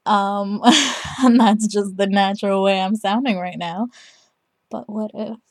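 A woman's voice: medium pitch, slow pace, dry recording. A young woman talking casually while practicing her voice at home, self-mocking and amused at herself.

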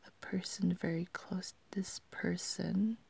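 A woman's voice: lowish voice, steady tone, takes it slowly, gravelly, a little mellow, husky. A young woman rambling through a questionnaire in a casual, giggly way, often half-whispering. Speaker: vlogger.

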